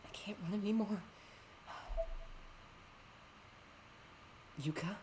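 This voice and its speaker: A woman voicing a frightened teenage girl who pleads in a high, strained voice. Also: sing-song, extremely slow, a little mellow, slight background noise, rough recording.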